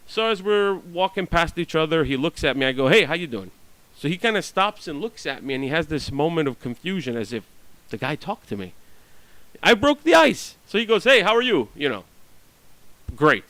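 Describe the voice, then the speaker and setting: A man's voice: medium pitch, a bit bright, clear, resonant tone, dry recording, rough recording. A man venting about his neighbors in a blunt, profane, ranting monologue. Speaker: vlogger.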